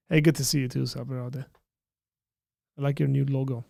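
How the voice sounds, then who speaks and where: A man's voice: medium pitch, flat delivery, brisk, vocal fry, mellow, dry recording, studio quality. A man hosting a live stream, chatting casually and joking as he reads viewer comments aloud.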